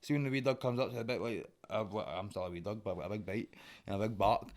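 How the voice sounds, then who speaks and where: A man's voice: on the low side, quick pace. A young man with a Glaswegian accent, a guest in a casual podcast conversation, rambling and swearing as he talks. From Scotland.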